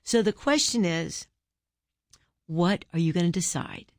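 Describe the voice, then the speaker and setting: A woman's voice: lowish voice, measured pace, no echo, clean studio sound. A middle-aged woman, an author guest, telling a personal faith story with earnest storytelling and preachy questions to listeners.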